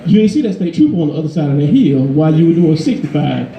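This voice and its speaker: A man preaching a sermon in a conversational, emphatic way, his voice climbing higher when he drives a point home. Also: big pitch swings, fast, vocal fry, warm tone, reverberant, muffled recording. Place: church.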